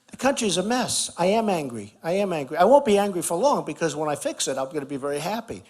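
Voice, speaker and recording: A political candidate gives a campaign rally speech at an outdoor barbecue, talking into a podium microphone in a slightly high voice. He is very animated and fast, barely pausing, riffing in an emphatic, conversational way that hammers the same points again and again.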